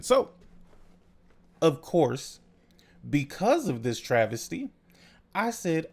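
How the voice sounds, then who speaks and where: A young man hosting a podcast, telling a story in casual, profane, animated chat. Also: a little high, slow pace, pauses often. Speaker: podcast host.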